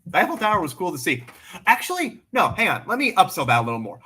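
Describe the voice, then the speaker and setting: A man hosting a casual livestream, answering chat questions in a blunt, animated way and swearing freely. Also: sits high, fast, breathy edge.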